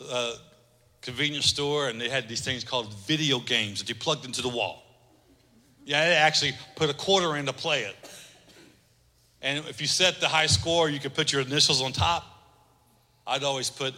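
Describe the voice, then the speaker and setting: A male pastor preaching a sermon, telling a humorous story in an animated way in a church. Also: mid-range voice, normal speed. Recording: reverberant church hall, faint music.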